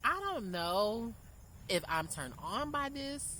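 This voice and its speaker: A woman's voice: a little high, very animated, slow, bright, forceful tone, a little hiss or hum, poor audio. A young woman tells a casual storytime in a sassy, brash way, calling her listeners girl and honey. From Memphis, Tennessee. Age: 20s. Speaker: vlogger.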